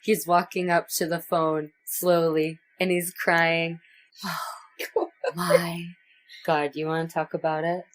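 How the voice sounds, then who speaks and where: Slow-talking woman podcast co-host. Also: lowish voice, little pitch movement. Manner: laughs often, acts out scenes in quotes. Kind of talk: casual chat recapping a movie.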